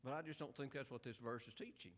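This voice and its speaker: A man's voice: mid-range voice, fast talker. A man preaching a sermon in an earnest, emphatic way, full of rhetorical questions.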